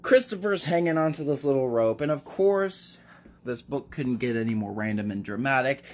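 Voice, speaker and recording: A book vlogger at home, excitedly rambling through a casual plot recap with slang. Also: medium pitch, normal speed.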